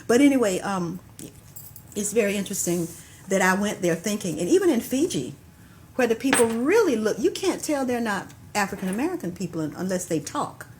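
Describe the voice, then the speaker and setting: An older woman from Florida, a guest poet who chats easily, laughs often, and recites her poems with a steady rhythm. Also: medium pitch, fairly quick, a little hiss or hum. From Tampa, Florida, US. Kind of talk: conversational storytelling and poetry reading.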